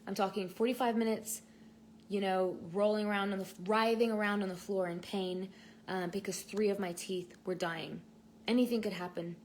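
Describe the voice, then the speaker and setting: A young pregnant woman talks straight to her viewers in a casual online lesson, earnest and a little rambling. Her voice sits in an ordinary middle range. A soft hiss of room noise runs under the built-in mic. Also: medium pitch, steady tone, moderate pace. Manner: chatty and earnest, with frequent fillers and restarts. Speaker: online course teacher. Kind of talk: casual talk-to-camera lesson. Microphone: built-in mic, no headphones.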